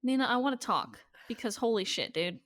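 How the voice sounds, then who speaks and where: A woman's voice: on the high side, big pitch swings, fairly quick, fairly bright tone, no echo, studio quality. A woman co-hosting a podcast, recapping a TV episode in narrative runs and swearing casually. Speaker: podcast co-host.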